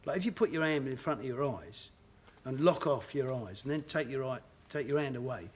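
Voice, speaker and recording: Lively Cockney man telling stories. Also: medium pitch, a little fast, slight background noise. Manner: animated anecdotes, laughs often. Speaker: guest actor. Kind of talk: talk show storytelling. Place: television studio.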